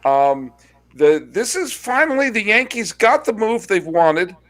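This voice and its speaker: A man hosting a sports podcast, chatting casually and telling wry stories with quick asides. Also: sits high, very animated, fairly bright tone. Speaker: podcast host.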